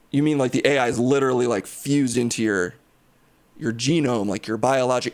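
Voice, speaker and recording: A man's voice: medium pitch, steady tone, fairly quick, darkish tone. A man hosting a parody news segment, playing the dry, flustered straight man. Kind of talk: deadpan comedy news segment.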